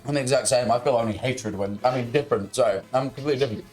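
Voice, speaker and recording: A young man telling a story loudly and excitedly as the host of a casual stream, swearing freely. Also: medium pitch, rapid-fire, soft background music. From United Kingdom. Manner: loud, animated storyteller who swears freely. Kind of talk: casual chat.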